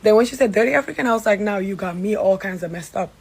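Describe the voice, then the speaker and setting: A woman from Gambia telling a casual story time to her followers, animated and sassy, with some swearing. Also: medium pitch, quick pace, slight background noise, low-quality recording. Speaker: social media storyteller.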